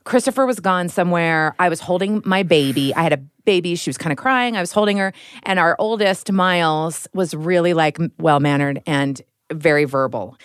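A woman with a rather low voice hosts a relaxed conversation among friends. She tells stories with animation, lifting her voice to act out quotes. The sound is dry and close to the mic. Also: normal speed, clean tone, dry recording. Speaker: podcast host. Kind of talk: casual chat.

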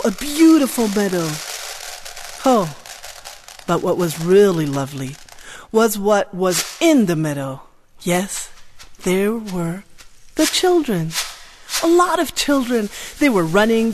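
A woman telling a first-person tale with strong expression, moving from hushed to loud with drawn-out repetitions. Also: medium pitch, slight background noise. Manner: drawn-out repetitions and soft exclamations. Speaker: storyteller. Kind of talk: dramatic first-person storytelling.

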